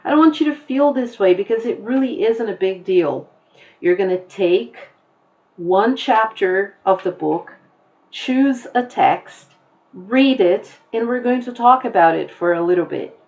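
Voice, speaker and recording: A woman English teacher giving a recorded class lesson, explaining slowly and patiently with examples. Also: mid-range voice, lively intonation, darkish tone, dull audio.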